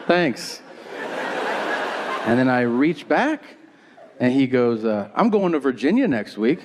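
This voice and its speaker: A man with a medium-pitched, sing-song voice delivers a stand-up set at a slow pace. He tells a story full of acted-out dialogue and crude punchlines while the live crowd laughs.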